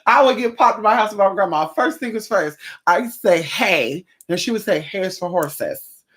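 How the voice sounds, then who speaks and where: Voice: medium pitch, lively intonation, brisk, a bit bright. A livestream host chatting casually with viewers in a sassy, profane way, calling them honey.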